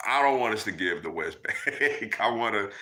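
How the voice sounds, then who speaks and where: A man's voice: on the low side, expressive, moderate pace, sharp tone. Laid-back man hosting a live chat. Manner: loose and conversational, many fillers like "man" and "yo". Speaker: livestream host answering chat.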